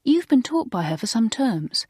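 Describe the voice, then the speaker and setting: A lively, sensible teenage schoolgirl from a storybook, as a woman narrator puts her on. The voice sits a little higher than the reader's own and talks briskly. The sound is dry and close. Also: husky, dry recording. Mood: chatty.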